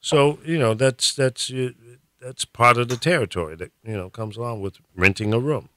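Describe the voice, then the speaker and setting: A man's voice: mid-range voice, moderate pace, fairly bright tone, no room sound. A man hosting a radio show in a studio, chatting casually with his co-hosts and laughing often.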